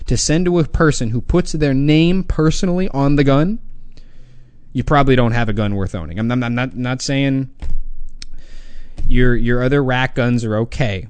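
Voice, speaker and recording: A man's voice: mid-range voice, moderate pace, smooth, dry recording. Male podcast co-host, opinionated ranter, dry booth sound. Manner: blunt, profane, mocking. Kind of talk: opinionated casual podcast rant.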